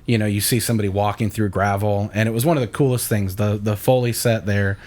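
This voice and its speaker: A young adult man, a church audio engineer, telling stories in a casual interview and acting out quoted lines in a raised voice. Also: fast talker. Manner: animated, acts out quoted voices with a higher pitch.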